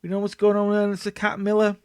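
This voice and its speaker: Let's-play host, chatty narrator; high voice, dry close recording. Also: male voice, monotone, fast, a little mellow, clean tone, dry recording. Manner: chatty, narrates and acts out scenes. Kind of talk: casual game commentary.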